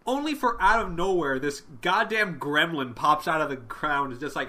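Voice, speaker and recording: A man's voice: fairly high pitch, normal speed. A man co-hosting a casual podcast, recapping comic issues and acting out the characters' lines with plenty of swearing. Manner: animated, acts out characters' lines with profanity. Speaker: podcast co-host.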